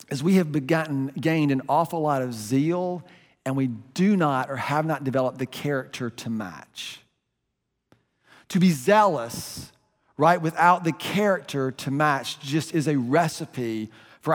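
A man preaching a sermon as pastor, passionate and swinging from soft reflection to emphatic peaks. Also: fairly high pitch. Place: church sanctuary. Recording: long hall reverb.

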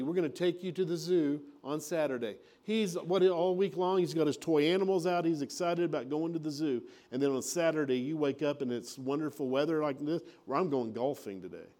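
Male pastor, slightly high voice, folksy sermon delivery. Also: a little fast, warm tone. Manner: folksy preaching with acted-out mini scenes.

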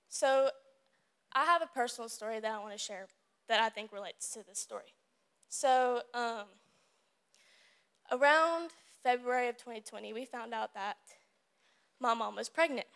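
A woman's voice: a little high, a bit bright, clean tone. A teenage girl giving an earnest, casual devotional talk to a youth group in a room, repeating her points. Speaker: youth service speaker.

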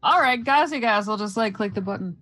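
A woman's voice: medium pitch, expressive, brisk, a bit bright, faint music behind. A woman playing a tabletop game, chatting casually and giggling. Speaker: player.

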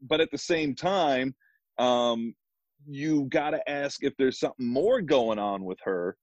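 A man's voice: medium pitch, lively intonation, measured pace, no echo, dull audio. A man from the US Midwest joining a casual podcast chat, easygoing and reflective.

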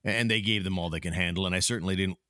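A man hosting a casual sports podcast, talking in a measured, reflective way. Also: sits low, fairly even intonation, sharp tone, no room sound, studio quality. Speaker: podcast host.

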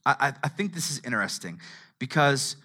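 A middle-aged man preaching a sermon. He swings from hushed tones to shouting. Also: medium pitch, lively intonation, a little fast. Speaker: pastor.

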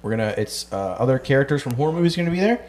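A man's voice: mid-range voice, expressive, racing, darkish tone. A young adult man co-hosting a comedy podcast, joking in casual banter and laughing often. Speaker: podcast co-host and stand-up comedian.

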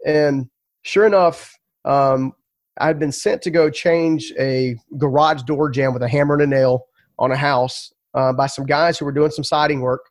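A man's voice: medium pitch, fairly even intonation, moderate pace, dry recording, clean studio sound. A man telling his story as a podcast guest, earnest and emphatic, often repeating words.

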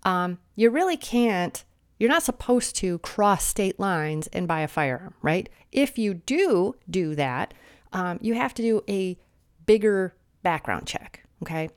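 A woman's voice: lively intonation, unhurried, clear, resonant tone. A woman in her thirties delivering a sarcastic, mocking political commentary monologue, a little sniffly, lecturing her listeners. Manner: mimics opponents in shrill voices.

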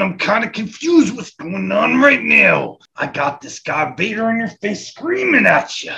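A man's voice: fairly high pitch, vocal fry, bright, forceful tone, pitched above the performer's own voice, heavily acted. A man doing a brash, confused male wrestler with an American Southern accent, speaking to a rival.

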